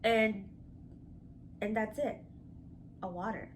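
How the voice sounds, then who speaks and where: A woman vlogger telling a story in a casual, animated and candid way, swearing freely. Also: medium pitch, slow, slight background noise.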